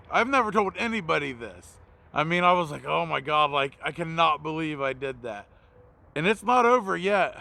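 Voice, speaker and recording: A man's voice: sits high, vocal fry, sharp tone. A man who works as a mobile mechanic, telling a confessional story in a blunt, profane, self-mocking way. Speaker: mobile mechanic and video host.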